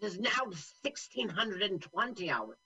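A man's voice: high voice, sing-song, normal speed, creaky, sharp tone, breathy edge, voice pushed up, full character voice. A man doing a barking pompous English officer. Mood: snooty. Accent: posh English. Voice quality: haughty, clipped and barking. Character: pompous old-school British army officer, man.

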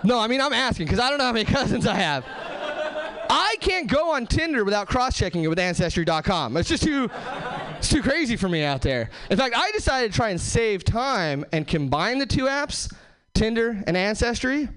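A man doing a stand-up set on a club stage, talking to the crowd with lively asides and quick character voices. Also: very high voice. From Southern California. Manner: animated, bouncing between voices and asides to the crowd. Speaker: stand-up comedian.

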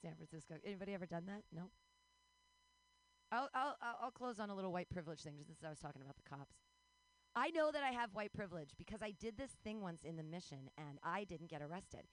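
A woman's voice: lowish voice, animated, fast talker, poor audio. Forty-something lady doing raunchy standup, pokes fun at herself, voice swoops all over. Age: 40s. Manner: bawdy, self-mocking, jumps into squealing character voices. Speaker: stand-up comedian. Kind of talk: stand-up comedy set.

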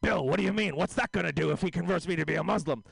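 A man's voice: on the high side, vocal fry, fairly bright tone, breathy edge, no echo, exaggerated voice. A man voicing a panicked jailed man calling from prison, talking in a frantic rush. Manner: frantic, rushed. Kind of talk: stand-up impression.

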